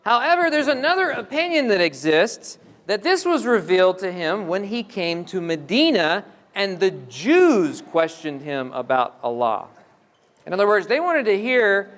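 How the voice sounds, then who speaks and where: Sitting high with big pitch swings, this Islamic lecturer's fairly bright voice is unhurried as he walks through his religious teaching step by step and asks the audience questions. The mosque hall gives the recording a long reverb.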